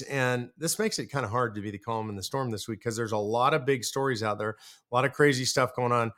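A man's voice: medium pitch, a bit bright. A man from the United States hosting a political commentary monologue, talking earnestly and directly and repeating his points for emphasis. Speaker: show host.

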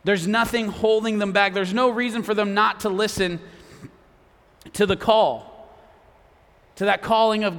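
A young man delivers a sermon to a youth audience in an easy, conversational way, slipping in jokes and then hushing down to make a point. His voice sits high and bright. The sound carries a long echo, as in a large hall. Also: steady tone, measured pace. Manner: conversational, drops to a hush for emphasis; jokey asides to a young audience. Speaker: youth preacher.

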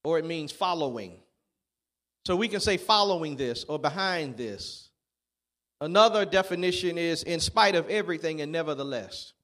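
A man preaching a sermon, calling on the congregation to answer and building up to shouts. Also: a little high, expressive, moderate pace. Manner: call-and-response preaching, rising to shouts.

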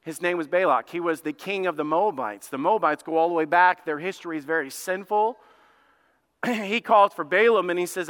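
A man preaching with emphatic energy, often turning to ask the congregation questions. His voice sits high and sounds bright and forceful. The sanctuary adds a long, rolling reverb. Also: moderate pace. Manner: addresses the congregation directly with questions. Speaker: pastor. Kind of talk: sermon. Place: church sanctuary. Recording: echoey church hall.

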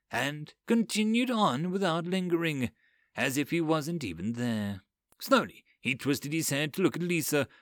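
Man narrating a dark fantasy story. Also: medium pitch, no room sound, clean studio sound. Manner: expressive, dramatic reading.

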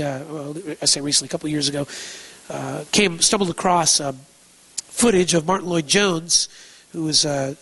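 A man's voice: fairly high pitch, fairly bright tone, slightly rough, low-quality recording. A man preaching a sermon, emphatic, asking rhetorical questions and repeating key phrases. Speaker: pastor.

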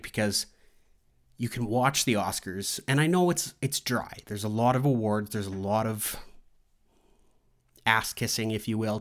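A man hosting a movie podcast, chatting casually on his own in a rambling, loose way, with lots of fillers and restarts. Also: fairly low pitch. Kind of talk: casual solo chat.

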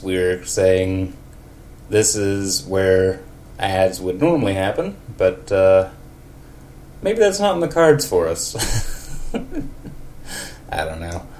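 A man hosting a podcast who reads a story aloud in a deadpan way and then chats casually. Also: on the low side, a little hiss or hum. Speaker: podcast host.

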